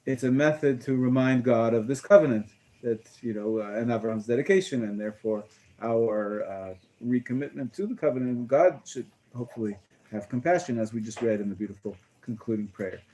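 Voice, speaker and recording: Mellow-voiced rabbi teaching a class. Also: male voice, medium pitch, animated, a little hiss or hum. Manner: halting, with many fillers and restarts. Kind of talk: casual lecture on a text.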